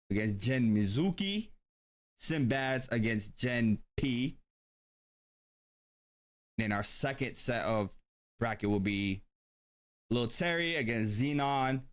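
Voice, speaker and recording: A man's voice: medium pitch, clean tone. An easygoing man talks into a desk mic as host of a live stream. He speaks casually in a mid-range voice, stopping to think aloud with plenty of ums and restarts. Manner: laid-back, thinks aloud with many ums.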